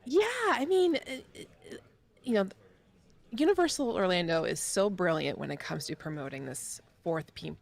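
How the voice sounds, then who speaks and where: A woman reporting on theme parks in a live studio news chat, gushing and excited, often restarting her sentences. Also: fairly low pitch, normal speed, gravelly. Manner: bubbly, gushing, frequent restarts.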